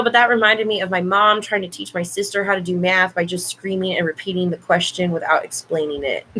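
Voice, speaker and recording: Her medium-pitched voice is husky with a sharp tone. She's an online show host livestreaming casually from home on a laptop microphone, playful, laughing a lot and cursing freely. Audio quality is poor.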